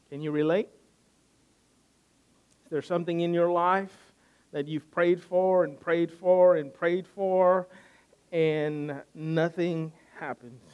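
A man's voice: on the high side, clear, resonant tone, dull audio. A man preaching a sermon, earnest and building his points by repeating phrases. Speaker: pastor.

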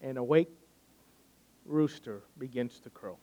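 A man's voice: medium pitch, unhurried, dark tone, lo-fi sound, slight background noise. A man preaching a sermon, retelling a scripture story in a conversational way and often restarting with repeated words.

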